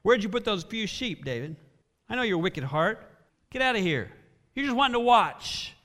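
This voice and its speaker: A man's voice: sits high, big pitch swings, normal speed, pushed and bright, big-room sound, full character voice. A man preacher voicing an angry, scornful older brother who is a soldier, sneering and accusing.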